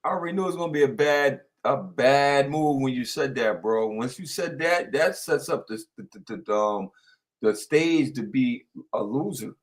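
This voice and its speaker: A man co-hosting a casual sports talk show, animated and rambling, repeating himself as he tells stories. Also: medium pitch, normal speed. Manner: animated storyteller, repeats himself, lots of fillers.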